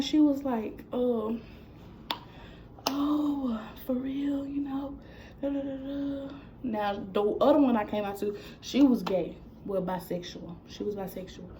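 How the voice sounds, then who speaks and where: A woman's voice: mid-range voice, a little hiss or hum, poor audio. Young woman telling a casual storytime. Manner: casual, animated retelling with quoted dialogue. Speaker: vlogger. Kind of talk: storytime vlog.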